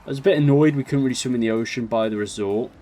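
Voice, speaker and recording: Racing along in a dark-toned, mid-range voice, a young vlogger recounts an amusing holiday tale. It's chatty and self-mocking, with laughter breaking through as he goes.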